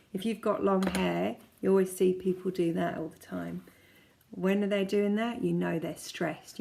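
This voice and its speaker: Gravelly-voiced woman teaching calming exercises. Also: fairly low pitch. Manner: chatty, guiding listeners through exercises step by step. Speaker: kinesiology practitioner. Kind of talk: casual self-help teaching.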